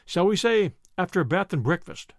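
A man voicing a calm, shrewd older male lawyer who speaks quietly and deliberately. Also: high-pitched, gravelly, dry recording, studio quality. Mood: measured.

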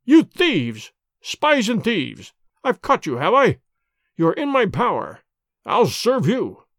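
A man's voice: high voice, huge pitch swings, slow, fairly bright tone, no echo, studio quality, voice pushed up, full character voice. A man voicing a fat, burly villain who shrieks in rage in an audiobook reading. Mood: raging. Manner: shrieking, raging. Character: fat burly furious older male villain.

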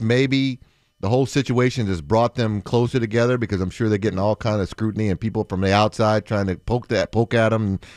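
A man's voice: on the low side, darkish tone, no echo, studio quality. A man co-hosting a sports radio show who teases his colleagues and talks through his thoughts at length. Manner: easygoing, teasing, talks in long run-on thoughts. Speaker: co-host, football analyst.

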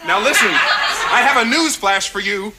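An actor playing a pushy, upbeat psychiatrist in a TV comedy sketch, coaxing and insistent like a pep talk. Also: male voice, high voice, lively intonation, unhurried, very noisy. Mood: stern.

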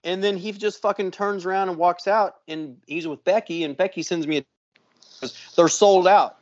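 A man with a slightly raised voice co-hosts a casual podcast. He tells a long, lively story and swears freely all the way through. The recording sounds dull and lo-fi. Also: high-pitched, moderate pace. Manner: profane, animated storyteller. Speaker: podcast co-host.

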